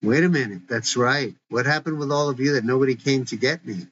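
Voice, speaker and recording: A man's voice: medium pitch, moderate pace, a little hiss or hum, close to an everyday voice. A man voicing an earnest, worried young woman eager to help, who speaks insistently, in a dull lo-fi recording.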